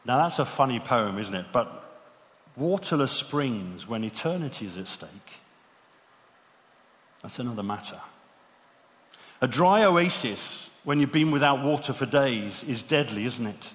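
Male preacher, mid-pitched, earnest sermon delivery, long hall reverb. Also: animated, measured pace, pauses often, fairly bright tone. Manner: earnest, many rhetorical questions.

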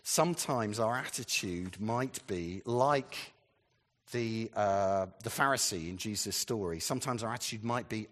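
A man's voice: lowish voice, moderate pace, fairly bright tone. A man preaching a sermon in a conversational, rambling way, full of asides and questions to the congregation. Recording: long reverb of a hall.

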